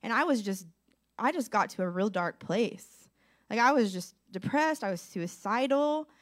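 A woman's voice: on the high side, animated, moderate pace. A woman in her thirties sharing a personal testimony at church, earnest and conversational, often asking the audience to relate. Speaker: speaker giving a testimony.

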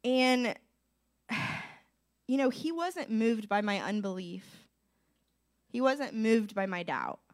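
A woman's voice: fairly high pitch, lively intonation, slow, long pauses. A woman in her thirties sharing a personal testimony at church, earnest and conversational, often asking the audience to relate. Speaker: speaker giving a testimony.

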